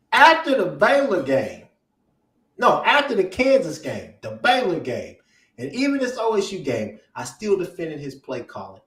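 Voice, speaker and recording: Distraught man venting, distant roomy sound. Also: medium pitch. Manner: animated venting, swings from hushed to yelling. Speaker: fan show co-host. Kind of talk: emotional sports fan rant.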